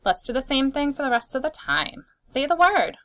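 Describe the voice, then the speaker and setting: A woman teaching a phonics lesson to young children, sounding out words slowly and clearly and encouraging them. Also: sits high, very animated, a bit bright, no echo.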